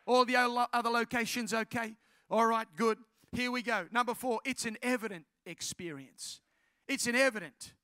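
A man preaching a sermon as a pastor. He tells a lively story, then preaches directly and repeats key phrases for emphasis. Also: very high voice, no echo.

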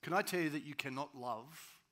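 A man preaching a sermon as pastor, swinging between loud, urgent rises and quiet, slow drops. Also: fairly high pitch.

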